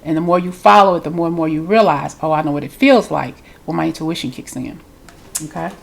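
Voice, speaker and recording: Woman, spiritual reader, congested, gravelly, fairly low voice, faint hiss behind. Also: fast. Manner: chatty, loose, repeats herself. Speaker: tarot reader. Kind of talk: spiritual reading to camera.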